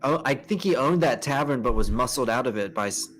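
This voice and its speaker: A man's voice: mid-range voice, expressive, a little fast, a bit bright, a little hiss or hum. A man playing in character at a tabletop game, asking polite, earnest questions. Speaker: player.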